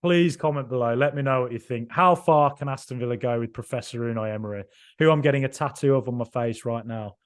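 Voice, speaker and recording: A man hosting a football podcast, giving an excited, emphatic and rambling reaction right after a match. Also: mid-range voice, fast, clear, resonant tone. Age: 30s or older.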